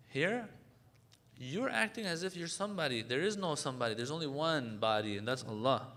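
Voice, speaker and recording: Man, sermon, conversational preaching, fairly high voice, bright tone. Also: lively intonation. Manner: conversational, reciting Arabic supplication lines rapidly. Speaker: sheikh giving a religious lecture. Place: lecture hall.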